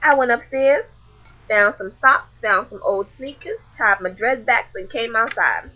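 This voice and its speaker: A young woman vlogging, telling a story to camera in a blunt, animated, profane way. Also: on the high side, unhurried, dull audio.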